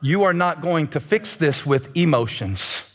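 A man preaching a sermon as pastor, animated and joking, rising to shouts at peaks. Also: fairly high pitch, unhurried.

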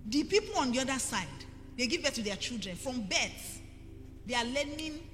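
High, lively Nigerian woman preaching. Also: moderate pace. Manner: emphatic, rising to forceful preaching. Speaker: pastor. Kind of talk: sermon. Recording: reverberant hall with faint music.

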